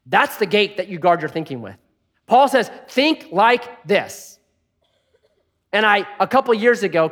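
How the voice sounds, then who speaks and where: A male pastor giving a sermon, telling stories with humor and dropping soft for prayerful points. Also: high voice. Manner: animated storytelling with jokes.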